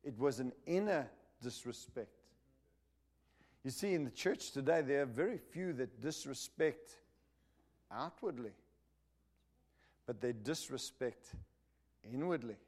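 A man's voice: medium pitch, expressive, measured pace, pauses often, a little mellow. A man preaching a sermon in an emphatic, punchy way, repeating phrases to drive his points home and asking the listeners whether they understand. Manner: asks the listeners for agreement.

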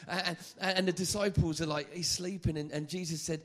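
A man preaching a sermon, lively and joking, often stammering and repeating phrases. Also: on the high side, a little fast.

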